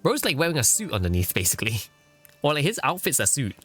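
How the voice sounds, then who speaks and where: A man's voice: medium pitch, sing-song, fast, fairly bright tone. A man chatting casually on a live gaming stream, rambling, swearing offhandedly and laughing often. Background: faint background music.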